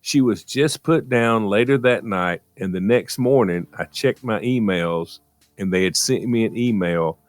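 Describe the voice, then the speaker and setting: A man co-hosting a radio show, telling a story slowly. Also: lowish voice, no room sound. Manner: slow storytelling delivery. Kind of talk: casual radio chat.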